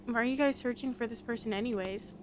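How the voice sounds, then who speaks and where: A woman's voice: on the high side, fast talker, background noise, natural voice. Laid-back gossipy young man from a game, slangy delivery, read by a woman. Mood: casual. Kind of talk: voice-acting a visual novel.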